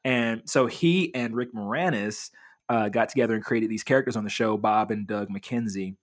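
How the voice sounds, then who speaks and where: Rambling man chatting casually. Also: mid-range voice. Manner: rambling, lots of fillers and restarts. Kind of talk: casual chat.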